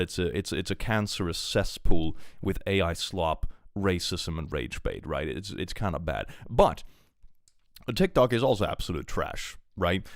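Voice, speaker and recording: A man's voice: low voice, gravelly, dry recording, studio quality. A young man from Sweden with a Swedish accent, chatting casually on a live stream and reading out chat, sarcastic and swearing freely.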